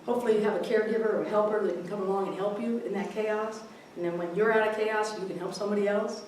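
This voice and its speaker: In a large, very echoey hall before a congregation, a woman minister talks warmly and casually, weaving readings together with a humorous tale and chuckling at her own jokes. Her mid-range voice is fairly even in intonation and quick. She sounds far away, with a bit of hiss or hum.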